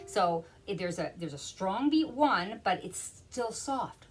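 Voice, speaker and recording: A woman's voice: medium pitch, animated, unhurried, poor audio. A woman piano teacher explaining rhythm in a lesson, counting beats aloud and half-singing them. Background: piano playing.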